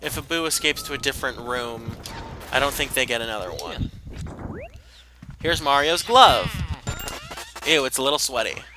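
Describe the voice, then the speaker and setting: A man's voice: mid-range voice, lively intonation, moderate pace, pauses often, rough recording. Rambling young man streaming a game. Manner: rambling, self-deprecating, talks to viewers. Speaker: gameplay streamer. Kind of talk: casual let's-play commentary. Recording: game music loud behind voice. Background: game music.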